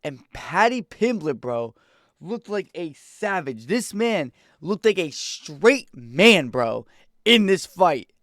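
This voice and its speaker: Slangy, excitable young guy reacting to fights. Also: sits high, takes it slowly, no echo, clean studio sound. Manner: slangy, excitable, rambling with lots of "bro". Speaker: MMA reaction YouTuber. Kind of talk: casual fight reaction vlog.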